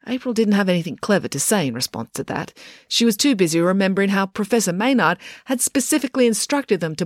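Expressive woman narrating a story. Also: lowish voice, dry recording, clean studio sound. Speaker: audiobook narrator.

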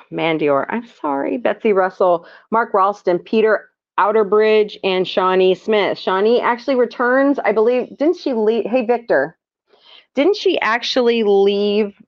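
A woman's voice: mid-range voice, lively intonation, a little slow. A woman hosting a casual movie recap podcast, rambling with frequent ums and laughs. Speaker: podcast host. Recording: dull lo-fi audio.

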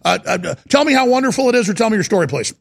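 A man's voice: high-pitched, expressive, rapid-fire, gravelly. A man hosting a call-in radio show, reading headlines aloud in a sarcastic, mocking tone. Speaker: radio talk show host. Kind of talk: heated call-in radio monologue.

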